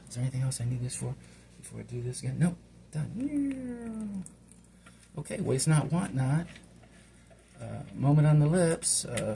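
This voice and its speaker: Middle-aged male home cook, chatty and meandering, gravelly tone, faint background noise. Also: mid-range voice. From Hawaii. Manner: chatty, meandering, talks to himself while working. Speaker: home cook and channel host. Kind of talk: rambling casual cooking vlog.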